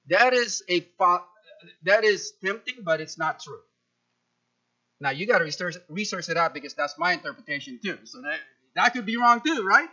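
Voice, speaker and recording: A man preaching a sermon, animated, often repeating words and acting out quoted speech with sudden loud jumps. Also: high voice, normal speed, highs cut off. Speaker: pastor.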